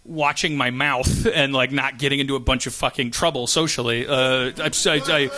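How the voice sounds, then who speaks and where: A man's voice: medium pitch, fairly even intonation, normal speed, sharp tone. A man hosting a podcast, telling a comic story in a rambling way, with many restarts and acted-out quotes. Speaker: podcast host. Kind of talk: comedic storytelling.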